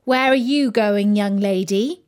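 A woman voicing a bossy, brisk mother who scolds her children. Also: mid-range voice, a little mellow, natural voice. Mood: scolding. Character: bossy busy mother, no-nonsense.

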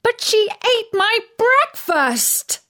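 A woman voicing a sulky seven-year-old girl with a high, whiny voice in a storybook reading. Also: sing-song, unhurried, a bit bright, heavily acted. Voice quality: high childish squeal, whiny.

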